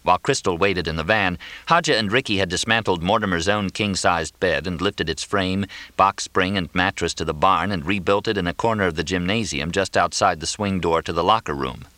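Deep-voiced male audiobook narrator. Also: fairly quick, few pauses, pushed and bright, no echo. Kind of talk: scripted narration.

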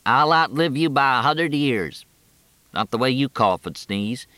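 Man playing a grumbling undertaker, needling, somewhat raised voice, lively, storybook. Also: medium pitch, a little slow, dry recording, voice pushed up. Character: wheedling, grumbling undertaker man, middle-aged.

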